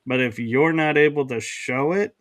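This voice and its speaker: A man's voice: mid-range voice, moderate pace, a bit bright, dry recording. A man hosting a podcast in casual conversation, speaking hesitantly with frequent restarts and acting out quoted remarks. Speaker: podcast host.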